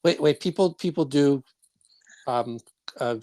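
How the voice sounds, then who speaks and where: A man's voice: on the high side, unhurried, a little mellow, dry recording. Rambling, jokey man from Brooklyn. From Brooklyn, New York. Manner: rambling, restarts often, jokey and irreverent. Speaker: podcast co-host. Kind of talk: casual podcast chat.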